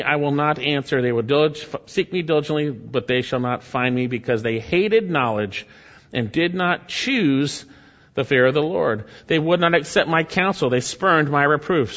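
A man's voice: on the high side, a bit bright. A man preaching a sermon, fervent and emphatic, reading scripture aloud between his own remarks. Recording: dull lo-fi sound.

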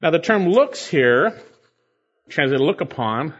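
Animated high-voiced male preacher. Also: slow, husky. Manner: animated, emphatic, repeats key phrases for stress. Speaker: pastor. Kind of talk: expository sermon. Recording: dull lo-fi sermon recording.

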